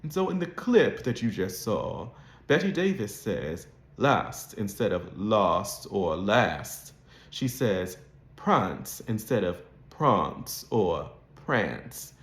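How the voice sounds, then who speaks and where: A man's voice: on the low side, sing-song, slow pace, roomy sound. A man coaching an accent, explaining and demonstrating sounds in a lesson.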